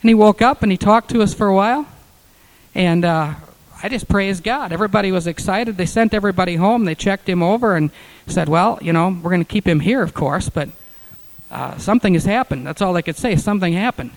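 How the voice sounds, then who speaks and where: A man's voice: high voice, fairly quick, low-quality recording. A male pastor telling stories in an earnest sermon, rising to fervent peaks. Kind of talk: sermon storytelling.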